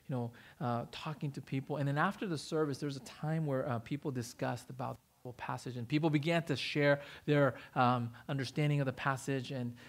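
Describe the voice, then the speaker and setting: A male pastor telling a story in a sermon, animated and rising in emphasis. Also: mid-range voice. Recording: church service livestream.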